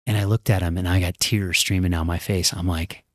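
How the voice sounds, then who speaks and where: A man's voice: sits low, steady tone, no room sound, studio quality. A man and former pro tennis player, a podcast guest, reflecting earnestly on his career in candid storytelling. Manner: earnest, reflective, talks in quick bursts.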